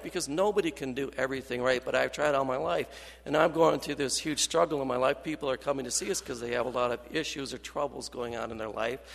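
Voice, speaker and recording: A man giving an earnest, halting sermon-style talk as a Christian counselor, quoting scripture and restarting his sentences. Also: medium pitch, gravelly. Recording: long hall reverb.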